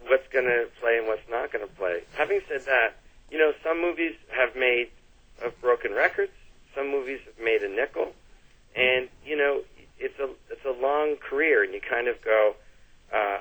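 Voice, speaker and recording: Middle-aged canadian guy rambling through stories in an interview, sounds like a phone line, kinda mid pitch. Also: normal speed. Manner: chatty storyteller, restarts and fillers, laughs easily. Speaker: guest. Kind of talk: casual interview chat.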